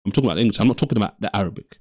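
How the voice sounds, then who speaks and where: A man's voice: lowish voice, expressive, rapid-fire, darkish tone, husky. A man hosting a live debate stream, arguing heatedly and often repeating himself as he talks over the other speaker. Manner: interrupts, repeats himself insistently. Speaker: livestream debate host.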